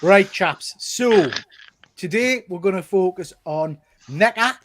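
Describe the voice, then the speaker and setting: A man with a Geordie accent hosts a casual live stream with his co-hosts. His voice sits high for a man. He keeps things jokey and self-deprecating. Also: expressive, slow pace, slight background noise. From North East England. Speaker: host.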